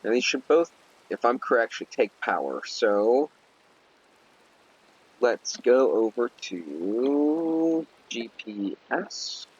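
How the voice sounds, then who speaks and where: A man's voice: medium pitch, big pitch swings, slow pace, husky, no echo, muffled recording. A young man giving casual gameplay commentary while ranting in an irritated, rambling way, full of "like" fillers. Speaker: Let's Play commentator.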